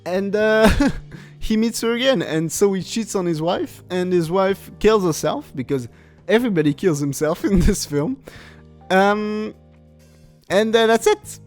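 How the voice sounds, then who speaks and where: A man's voice: high voice, measured pace, faint music behind. A man hosting a podcast, rambling casually through a comedic film review with frequent laughs and filler words. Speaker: podcast host.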